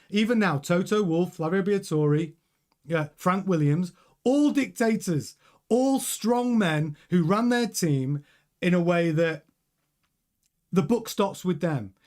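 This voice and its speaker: A man with a high-pitched voice delivers animated, opinionated commentary to camera. He presses his points hard and talks straight to his viewers. The host is in full flow, quick and emphatic. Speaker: host of a motorsport news channel.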